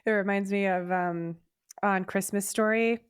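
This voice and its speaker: A woman's voice: mid-range voice, steady tone, unhurried, clear, resonant tone, no echo, studio quality. A woman co-hosting a podcast in casual chat, affectionate, teasing and candid. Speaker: podcast co-host.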